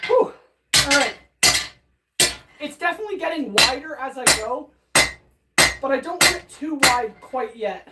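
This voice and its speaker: A woman's voice: sits high, animated, a little slow, pauses often. A woman blacksmith chatting casually on a live stream while she forges, upbeat and greeting viewers, out of breath from hammering. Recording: distant mic with loud forge noise.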